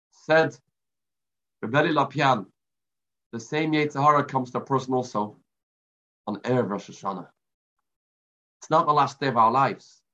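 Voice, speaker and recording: A man giving a Torah class sermon, telling a story with dramatic pauses and Hebrew and Yiddish terms. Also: mid-range voice, bright, forceful tone. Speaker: rabbi. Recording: lo-fi muffled recording.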